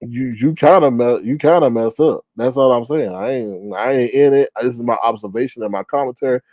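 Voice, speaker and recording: A man in a casual livestream, giving animated, slangy commentary and often mimicking others in high voices. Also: fairly quick, dry recording.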